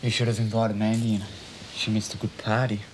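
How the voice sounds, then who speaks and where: An actor playing a leering, menacing Australian criminal who talks crudely and often drops into a rasping whisper. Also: male voice, on the low side, level tone, fairly quick, darkish tone, a little hiss or hum, close to an everyday voice. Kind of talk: TV police drama acting.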